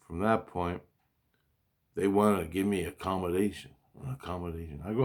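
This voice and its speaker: A man telling a personal story in a casual, rambling monologue, excitable and profane, repeating his exclamations. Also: low-pitched, measured pace, pauses often.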